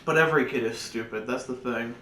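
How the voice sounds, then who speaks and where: A man's voice: quick pace, bright, forceful tone. A man co-hosting a podcast in a loose, joking casual chat, swearing now and then. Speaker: podcast co-host. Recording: echoey room, far from the mic, faint rumble.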